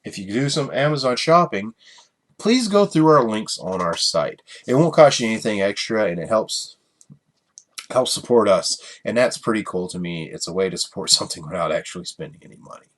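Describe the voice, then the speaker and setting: A man's voice: lowish voice, animated, a little fast. A man hosting a casual solo podcast, rambling and chuckling through his stories with many fillers. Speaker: podcast host.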